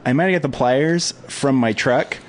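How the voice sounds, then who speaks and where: A man's voice: medium pitch, normal speed, a little hiss or hum. A man co-hosting a podcast in casual chat, reacting with wry questions. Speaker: podcast co-host.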